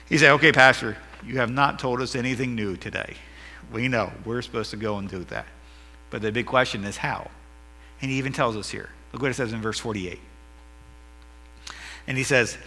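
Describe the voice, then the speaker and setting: A man preaching a sermon as pastor, swinging between loud emphatic stretches and quieter explanation. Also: fairly high pitch. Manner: preaching with rising and falling emphasis. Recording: hall reverb.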